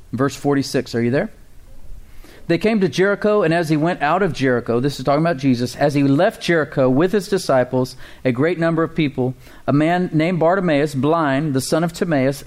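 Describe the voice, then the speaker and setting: A male pastor preaching a sermon, asking the congregation questions, rising high for quoted cries and dropping low and soft for quiet moments. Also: moderate pace.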